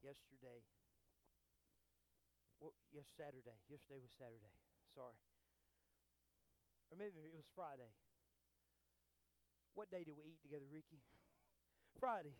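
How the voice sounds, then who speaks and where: A man, a pastor preaching a sermon, moving between quiet storytelling and loud, fervent exhortation. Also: fairly high pitch, moderate pace, long pauses.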